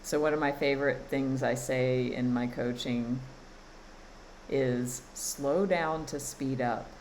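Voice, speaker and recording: A woman's voice: rumbling low, fairly even intonation, slow, a little mellow, slight background noise, low-quality recording. A woman coaching her listeners on a live stream, speaking in an emphatic way, repeating phrases and often laughing. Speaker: spiritual coach and card reader. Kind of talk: live-streamed spiritual guidance.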